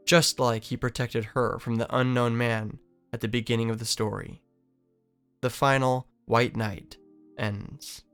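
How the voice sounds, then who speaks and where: Brief: male essay narrator, resonant, measured, reflective. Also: mid-range voice, fairly bright tone. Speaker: video essayist. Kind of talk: scripted literary analysis narration.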